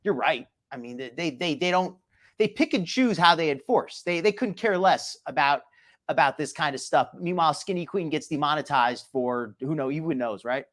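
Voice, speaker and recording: A man's voice: a little high, expressive, normal speed, a bit bright. A man hosting a live stream, chatting casually, greeting viewers from the chat and adding sarcastic asides. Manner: chatty, reads chat names aloud, frequent restarts and sarcastic asides. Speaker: live stream commentary host.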